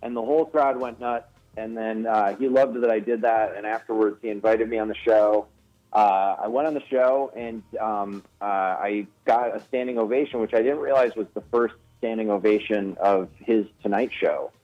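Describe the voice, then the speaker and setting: A man's voice: fairly low pitch, fairly even intonation, moderate pace. A man, a guest comedian, telling a self-deprecating story with restarts in a casual radio interview. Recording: slightly dull radio broadcast audio.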